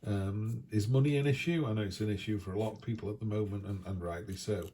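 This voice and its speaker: A man's voice: lowish voice, quick pace, dark tone, a little hiss or hum. A man giving a chatty, down-to-earth weekly tarot reading in a casual, reassuring way. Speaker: tarot reader.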